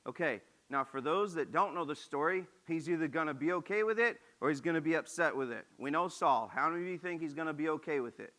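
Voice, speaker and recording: A man's voice: on the high side, animated, fast talker, few pauses, bright, forceful tone. A man pastor preaching a casual, conversational sermon, reading scripture and breaking in with joking asides.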